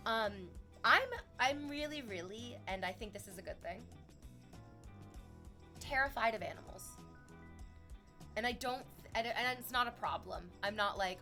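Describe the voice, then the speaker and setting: A woman's voice: normal speed, faint music behind. A Canadian woman streaming, chatting animatedly with her viewers and laughing often. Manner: animated, laughing, shifts into high excited shrieks for quoted bits. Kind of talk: casual chat with viewers.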